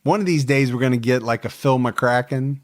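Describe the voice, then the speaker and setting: Casual podcast co-host, mid pitch, relaxed teasing banter. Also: male voice, a little fast. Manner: easygoing, teasing, laughs often. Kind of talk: casual true crime podcast chat.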